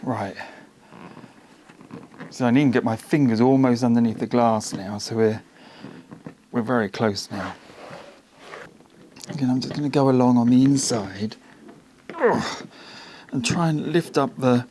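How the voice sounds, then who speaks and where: This mid-range male voice is measured and dark-toned, pausing often, with a little hiss or hum. He's a car restoration vlogger in his home garage, muttering to himself and the camera as he works, casually self-mocking and straining.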